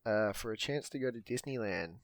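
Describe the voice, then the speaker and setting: Male podcast co-host, low-pitched, loose and profane, dry close mic. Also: brisk, no room sound. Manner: laid-back, swears often, acts out quotes. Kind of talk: casual movie recap chat.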